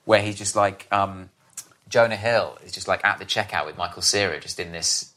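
A man's voice: deep voice, moderate pace, pushed and bright. A young man, a podcast guest, chatting casually about films in a rambling way, often restarting and laughing. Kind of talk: casual chat.

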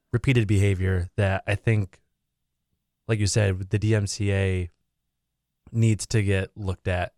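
A man's voice: low-pitched, a little mellow, no echo, studio quality. A man co-hosting a gaming podcast, speaking candidly and griping in casual chat. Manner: candid, complaining. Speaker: podcast co-host.

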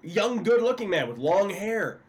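A man co-hosting a sports talk show, telling a story in an animated, mocking way. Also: high voice, a little slow, poor audio. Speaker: co-host.

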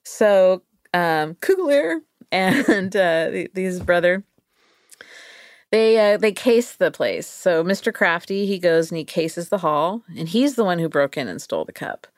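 Lowish voiced woman telling a story on a podcast, jokey, laughing, dry mic. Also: expressive, measured pace, dry recording. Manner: playful, laughs often, acts out quoted voices. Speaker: podcast co-host. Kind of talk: casual storytelling chat.

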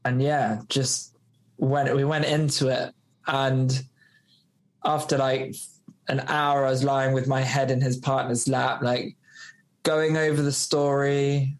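A man's voice: medium pitch, flat delivery, takes it slowly. A man, a podcast guest, telling a personal story in a loose, rambling way, full of fillers and acted-out dialogue. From United Kingdom. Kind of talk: storytelling in a casual interview.

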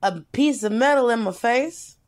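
A woman co-hosting a podcast in casual chat, telling stories in an animated, blunt and expressive way. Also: fairly high pitch, normal speed. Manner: animated storyteller, blunt and expressive, swings between loud and soft. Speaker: podcast co-host.

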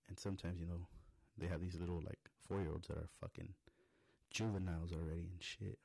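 A man's voice: sits low, fairly even intonation, fairly quick, gravelly, darkish tone, husky, dry recording. A man, a father, telling a rambling story full of swearing and acted-out quotes as a comedy monologue. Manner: rambling, heavy swearing, acts out quoted lines.

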